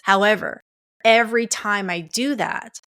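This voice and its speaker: A woman running a coaching podcast talks on her own in a relaxed, chatty manner, addressing the audience as "guys" and saying "like" and "you know" a lot. She has a medium-pitched, slightly bright voice and a measured pace.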